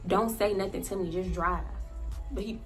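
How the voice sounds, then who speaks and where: A woman vlogger telling a personal story in a casual, animated way, often turning to her viewers and laughing. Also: mid-range voice, moderate pace, faint music behind.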